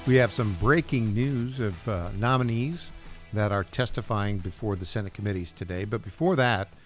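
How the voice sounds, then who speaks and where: A man's voice: fairly low pitch, normal speed, faint music behind. A man hosting a political talk radio show, making wry asides and chuckling at his own jabs as he introduces clips.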